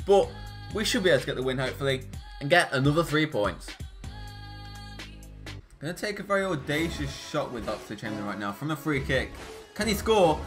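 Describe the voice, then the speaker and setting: Bright, high-voiced young gaming commentator. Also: male voice, brisk, long pauses, faint music behind. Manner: excitable, swings from groans to shouts. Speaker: gaming YouTuber. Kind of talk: live gameplay commentary.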